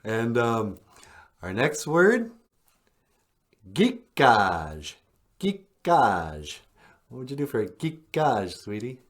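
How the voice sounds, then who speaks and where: A man hosting a podcast, teaching vocabulary in a relaxed, encouraging way and gently prompting his partner. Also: medium pitch, drawn-out words, pauses often. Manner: encouraging, calls partner sweetie. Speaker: podcast host teaching words. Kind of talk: language lesson, casual.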